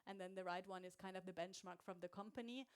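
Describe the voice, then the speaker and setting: Woman speaker, mid pitch, smooth clear voice, casual presenting style with fillers. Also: fairly even intonation, quick pace. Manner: casual, chatty, many "um"s and light laughs. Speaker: speaker at a meetup. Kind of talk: conference presentation.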